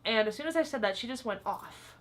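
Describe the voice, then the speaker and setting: Speaking fast and animatedly in a rather high voice, this young woman recounts tales from her former job for her vlog. Her talk is casual and chatty, sprinkled with frequent "like"s and "um"s.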